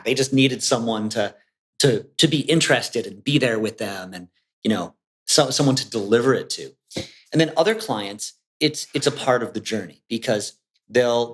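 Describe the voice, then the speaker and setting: Man, podcast guest, casual chat, animated, acts out quotes, mid-pitched voice. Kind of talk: casual conversation.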